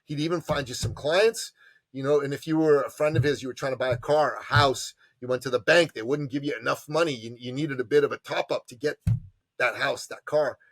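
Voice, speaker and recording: A man, an entrepreneur advisor and podcast guest, telling stories with passion and emphasis and acting out quotes in lively voices. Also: mid-range voice, fairly quick, no echo. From immigrant to Canada from a tyrannical country. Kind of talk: animated storytelling interview.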